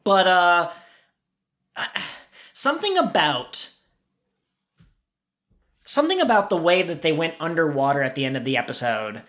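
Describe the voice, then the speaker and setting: A woman's voice: low voice, big pitch swings, a little slow, pauses often, fairly bright tone. A woman co-hosting a podcast, talking through an anime episode in a thoughtful, casual way. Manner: thoughtful, with restarts and light laughs. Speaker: podcast co-host. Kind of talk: casual chat about an anime.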